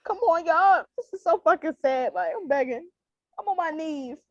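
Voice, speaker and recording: Young woman podcaster, high voice, dull dry lo-fi sound, gets all emotional and swears a lot. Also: lively intonation, normal speed, no echo. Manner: emotional, pleading and laughing, swears freely. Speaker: podcast co-host. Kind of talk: casual chat.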